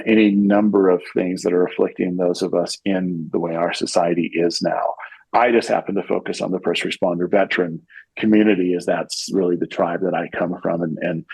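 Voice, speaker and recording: A man's voice: deep voice, gravelly, slightly rough, no room sound, rough recording. A man speaking as a podcast guest in casual conversation, rambling with frequent restarts and fillers.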